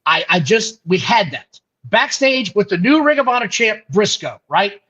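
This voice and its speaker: A man's voice: sits high, big pitch swings, moderate pace, sharp tone, husky. A man co-hosting a casual wrestling podcast, recapping events with dismissive play-by-play. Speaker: podcast co-host. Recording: dull lo-fi audio.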